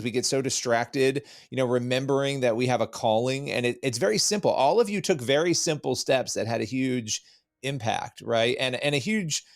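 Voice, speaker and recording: Gravelly-voiced enthusiastic male interviewer. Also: mid-range voice. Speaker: interviewer, news host.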